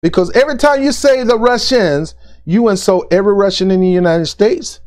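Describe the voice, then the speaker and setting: Guy doing a fired-up political rant vlog, keeps repeating himself, says dude and ain't a lot, voice a bit on the high side. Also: a little fast, a little mellow. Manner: blunt, repetitive, exasperated; informal speech with "ain't" and "dude". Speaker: political commentary vlogger. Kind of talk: opinion rant to camera.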